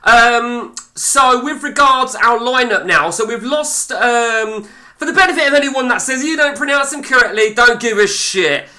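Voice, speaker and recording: A man's voice: extremely high pitch, moderate pace, sharp tone. A man streaming live, giving blunt, sweary, rambling commentary on a football management game.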